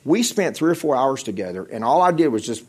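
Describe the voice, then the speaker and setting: Husky middle-aged man preaching a testimony. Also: medium pitch, sing-song, fairly quick. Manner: conversational storytelling, repeats phrases. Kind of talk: testimony sermon.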